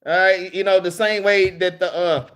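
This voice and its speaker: A man's voice: high-pitched, fairly even intonation, normal speed, a bit bright, smooth. A man teaching scripture in a casual, emphatic way, filling his speech with "man" and "all right?", with a Southern US accent. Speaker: preacher. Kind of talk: street-style scripture teaching.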